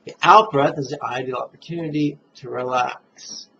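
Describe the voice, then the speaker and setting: A man teaching meditation in a relaxed, playful dharma talk, chuckling at his own jokes and guiding listeners step by step through the breath. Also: medium pitch, vocal fry, slight background noise. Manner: guides listeners slowly through breathing steps. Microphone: camera mic, self-filmed. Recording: dull, muffled camera audio.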